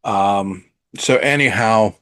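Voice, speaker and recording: A man's voice: lowish voice, slow pace, a bit bright. A man hosting a podcast, talking casually and enthusiastically about a movie he loves, with plenty of swearing and filler words. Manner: chatty, profane, enthusiastic, with fillers. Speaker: podcast host. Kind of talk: casual solo movie talk.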